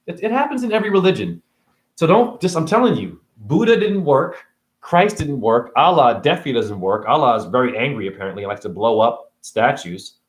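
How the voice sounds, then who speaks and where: A man's voice: mid-range voice, big pitch swings, fairly quick, reverberant. A man ranting to camera about spirituality, sarcastic and profane. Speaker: vlogger.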